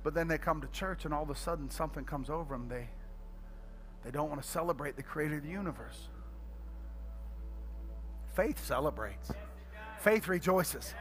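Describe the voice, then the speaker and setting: A middle-aged pastor preaching an energetic sermon, telling comic stories and swinging between quiet asides and loud shouting. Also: male voice, on the high side, normal speed, pauses often, faint music behind.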